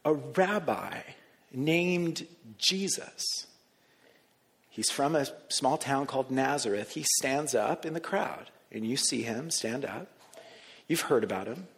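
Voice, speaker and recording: A man preaching a sermon, talking the congregation through an imagined scene, moving between hushed, soft lines and raised emphasis. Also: medium pitch, moderate pace. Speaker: pastor. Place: church sanctuary. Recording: long reverb of a large hall.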